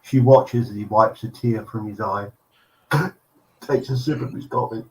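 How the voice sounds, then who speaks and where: A man telling a long joke on a video call, deadpan with chuckles. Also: fairly low pitch, unhurried, slight background noise, low-quality recording. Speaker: regular telling the joke of the week. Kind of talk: casual chat and joke telling.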